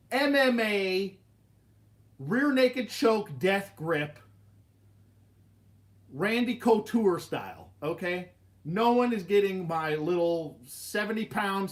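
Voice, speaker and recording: A young man casually telling a funny childhood story, animated and laughing, acting out his family's lines. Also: high voice. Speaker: host.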